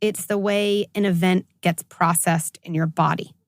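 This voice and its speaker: A woman clinical psychologist in her forties, talking as a guest in an interview and telling stories with lively quoted voices. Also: lowish voice, a little slow, no room sound. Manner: animated storytelling, acts out quoted voices. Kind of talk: conversational interview.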